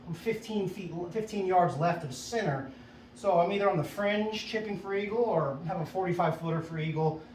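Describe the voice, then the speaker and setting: A man's voice: on the high side, a little mellow, reverberant, far from the mic, slight background noise, poor audio. A man, a golf instructor, coaching casually and upbeat at a driving range, often checking in with "right?". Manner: upbeat, chatty, self-coaching with frequent "right?".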